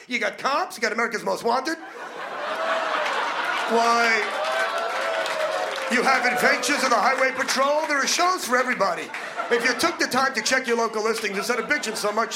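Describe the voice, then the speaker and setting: Man, stand-up comedian, high voice, gravelly, brash, fast, crowd work, noisy live club recording. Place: comedy club stage before a laughing audience.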